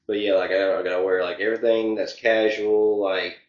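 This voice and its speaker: Deep-voiced young man, rambling. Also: fairly even intonation, a little fast, echoey room, lo-fi sound. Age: young adult. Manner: rambling, heavy filler words. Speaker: interview guest. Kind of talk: casual interview.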